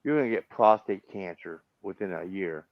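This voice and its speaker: A man's voice: sits low, normal speed, dry recording. Profane American man, drinking, dry lo-fi sound. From United States. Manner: blunt, profane, talks over others. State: been drinking. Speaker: stream host. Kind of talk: heated casual argument.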